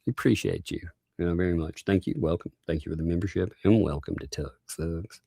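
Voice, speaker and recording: A man with a low, gravelly voice chats loosely on a livestream, reading out donations and thanking each viewer by name. He laughs easily between messages. The sound is close and dry, with no room around it. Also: a little fast, mellow, no echo. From United States. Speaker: livestream host. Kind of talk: casual livestream chat reading out super chats.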